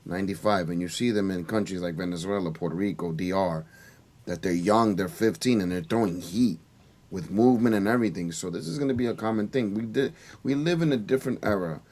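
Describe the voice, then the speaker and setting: Very deep-voiced man, emphatic sports talk. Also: fairly quick, darkish tone. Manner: confident, emphatic opinions. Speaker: podcast co-host.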